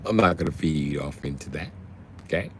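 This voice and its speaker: A man's voice: lively intonation, fairly quick, noisy background. A man in his late thirties on a casual livestream, reading chat aloud and roasting viewers with profanity. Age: late 30s. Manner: trash-talking, mocking chat users with shouted high bits.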